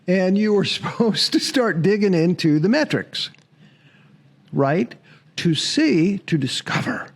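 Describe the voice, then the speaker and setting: A man's voice: high voice, expressive, slow, creaky. Chatty man hosting a sports show. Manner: chatty, laughs often, mocks commenters. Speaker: sports podcast host. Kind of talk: casual monologue to viewers.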